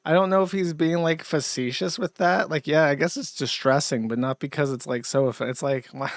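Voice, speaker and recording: A male host riffs on clips in a casual, sardonic way, laughing and leaning on fillers. His voice sits slightly high. It is recorded close and dry. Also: fairly even intonation, a little fast, no echo.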